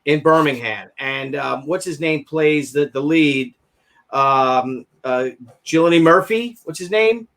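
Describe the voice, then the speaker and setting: A man hosting a loose conversational podcast, his voice a little higher than most men's. He wanders through his thoughts, stopping and restarting with plenty of ums. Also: slow, gravelly, fairly bright tone. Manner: rambling, many ums and restarts. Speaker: podcast host and comic artist. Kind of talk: casual chat.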